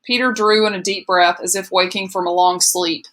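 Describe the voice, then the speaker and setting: A woman narrates a novel with steady, measured pacing. Her voice is bright and forward, and her delivery stays even and plainly readerly. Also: lowish voice. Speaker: audiobook reader. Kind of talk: scripted narration.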